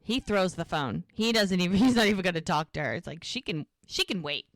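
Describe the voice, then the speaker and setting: A woman retelling a TV episode in casual podcast chat, her pitch leaping up and down as she acts out the characters' lines. The sound is dry and close, with no room around her. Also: fairly quick, no echo. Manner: animated retelling, acting out lines with laughs. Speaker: podcast co-host recapping a TV episode.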